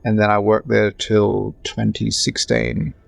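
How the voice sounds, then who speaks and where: A man's voice: lowish voice, flat delivery, measured pace, gravelly, no room sound. A man in his thirties with an Australian accent, an actor talking in a casual, rambling podcast interview. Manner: chatty, rambling with many restarts. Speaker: actor guest.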